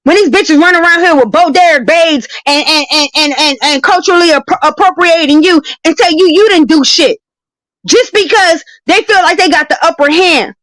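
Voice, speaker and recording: Heated, profane high-voiced woman arguing. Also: normal speed, fairly bright tone, dry recording, rough recording. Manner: confrontational, profane, emphatic repetition. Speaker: debating guest. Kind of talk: heated live-stream argument.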